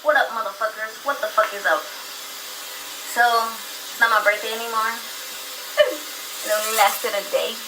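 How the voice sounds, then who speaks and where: A woman's voice: fairly high pitch, unhurried, long pauses, sharp tone, low-quality recording. A young Mexican American woman ranting casually and profanely on her vlog. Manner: brash and profane, swears freely. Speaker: vlogger. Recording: clip with clear background noise.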